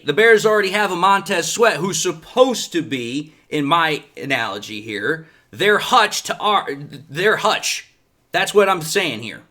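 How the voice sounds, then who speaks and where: A man hosting a sports commentary show, talking in a sarcastic, animated way with lots of rhetorical questions. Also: high voice. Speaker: sports podcast host.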